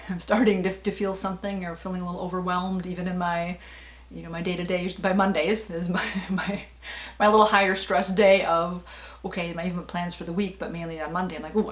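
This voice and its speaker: A middle-aged woman talks casually to camera in a somewhat low voice and wanders from thought to thought. She leans on fillers and light laughs. The room around her is noticeably echoey. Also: little pitch movement, brisk. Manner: chatty, rambling, frequent fillers and laughs. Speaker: vlogger. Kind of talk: casual personal vlog talk.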